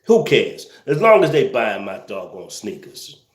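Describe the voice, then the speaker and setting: Animated man ranting in an echoey room. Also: lowish voice, a little slow. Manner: animated, laughing incredulous rants with slang. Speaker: livestream host reading viewer comments. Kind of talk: casual livestream commentary.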